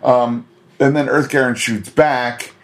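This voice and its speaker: A man co-hosting a podcast in casual chat, animated and laughing often, slipping into put-on voices to quote characters. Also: medium pitch, takes it slowly. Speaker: podcast co-host.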